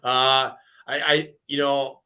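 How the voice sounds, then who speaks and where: A man co-hosting a podcast, chatting casually in an agreeable, halting way. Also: mid-range voice, level tone, sharp tone, clean tone. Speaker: podcast co-host. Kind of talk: casual chat.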